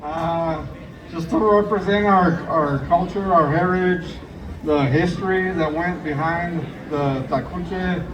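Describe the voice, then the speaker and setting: Proud texas guy, fairly high voice, noisy background. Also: slow pace, dull audio, a crowd in the background. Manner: earnest, proud. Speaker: contestant. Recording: echoey room from far off.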